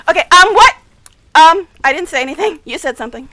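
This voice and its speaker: A woman streamer chatting casually over her gameplay, giggly and talkative, with hushed asides. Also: extremely high pitch, lively intonation, fast, no room sound, low-quality recording. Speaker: streamer playing a game.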